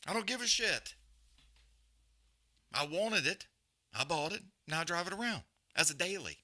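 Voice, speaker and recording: Swearing, bright-voiced man ranting bluntly. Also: sits high, expressive, moderate pace. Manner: blunt, heavy swearing, emphatic repetition. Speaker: podcast host. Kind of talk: profane rant on a live stream.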